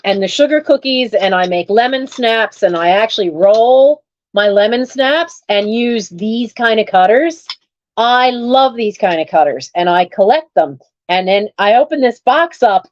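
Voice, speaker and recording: Woman, casual unboxing chat, lively pitch, fairly high voice, dull lo-fi sound. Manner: chatty, exclaims over finds. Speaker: online reseller hosting a live sale.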